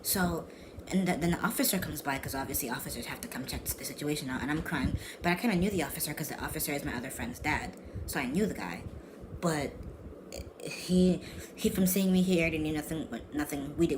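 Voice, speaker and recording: A man's voice: on the high side, quick pace. Young male vlogger, rambling slangy storyteller, constant background noise. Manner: rambling, slangy, repeats and restarts himself. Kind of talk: casual storytelling vlog.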